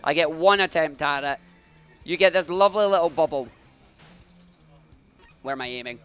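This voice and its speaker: A man's voice: fairly high pitch, normal speed, fairly bright tone, clean tone, soft background music. A man giving upbeat live commentary as he speedruns, talking through each move as he plays.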